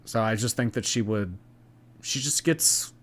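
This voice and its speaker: A man's voice: fairly low pitch, unhurried. Chatty man reading stream chats. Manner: chatty, rambling, reads viewer messages aloud. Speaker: commentary streamer. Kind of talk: live stream commentary.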